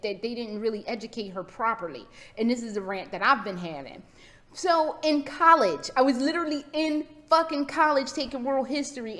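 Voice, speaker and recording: A young American woman ranting casually to camera as a vlogger, hyper, rambling and swearing freely. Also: sits high. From United States. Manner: hyper, profane, rambling and animated.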